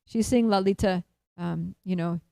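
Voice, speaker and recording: Mellow-voiced woman telling a devotional story. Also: lowish voice, unhurried, gravelly, clear, resonant tone, no echo, rough recording. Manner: animated, laughs often, many fillers. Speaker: speaker at a temple feast.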